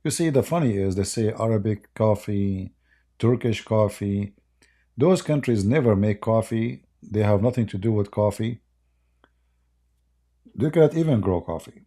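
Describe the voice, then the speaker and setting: A man's voice: fairly low pitch, dark tone. A man hosting a live debate stream in casual, mocking chat, rambling and laughing often, his voice worn and going. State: losing his voice.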